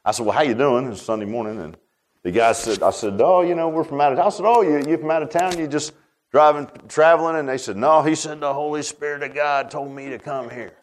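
A man preaching a sermon as pastor, folksy and emphatic, with frequent "huh?" asides and storytelling. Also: a little high.

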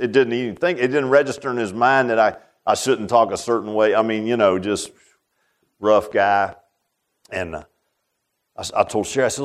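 An older man telling a personal story in a sermon, folksy and repetitive, leaning on filler like "man". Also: lowish voice. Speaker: preacher.

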